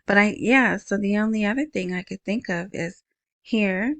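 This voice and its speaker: A woman with a soft, small voice hosting a casual solo podcast, chatting in a rambling way into a wired earbud mic. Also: mid-range voice, moderate pace, dry recording. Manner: rambling, chatty, self-interrupting. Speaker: podcast host.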